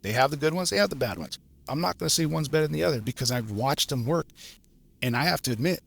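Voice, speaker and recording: Gravelly guy about fifty, lineman on a podcast, blunt and swears a lot. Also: a little high, fast talker. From Los Angeles area. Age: 50s. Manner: blunt, profane, animated storyteller. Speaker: podcast guest, journeyman lineman. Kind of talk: casual storytelling chat.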